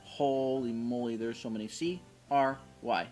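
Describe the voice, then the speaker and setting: A woman's voice: rumbling low, fairly even intonation, unhurried, a little mellow. A woman co-hosting a live art stream, chatting casually and joking playfully. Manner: playful and jokey. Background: faint Christmas music.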